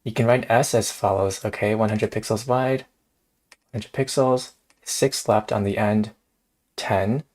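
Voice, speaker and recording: A man's voice: fairly low pitch, fairly even intonation, measured pace, darkish tone. A man hosting a casual live coding stream, thinking aloud in a hesitant way and often laughing. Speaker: streamer host.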